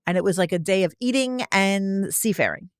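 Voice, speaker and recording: A middle-aged woman co-hosting a podcast in casual chat, upbeat and quick to laugh. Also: mid-range voice, lively intonation, clear, resonant tone, dry recording, studio quality. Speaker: podcast co-host.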